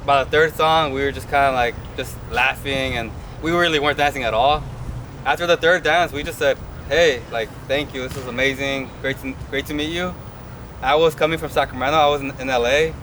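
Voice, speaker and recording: A groom in his thirties talks casually to the camera, with easy fillers and restarts. His voice sits at an ordinary middle pitch. A faint hum runs underneath. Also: steady tone, fairly quick, a bit bright, rough recording. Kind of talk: interview to camera.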